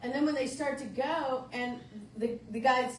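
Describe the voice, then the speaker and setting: Woman pastor, slightly high voice, folksy and searching, distant mic in a reverberant sanctuary. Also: moderate pace, slight background noise. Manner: folksy, searching, repeats words when restarting. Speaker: minister. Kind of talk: conversational sermon. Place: church sanctuary. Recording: roomy church sound from a distant mic.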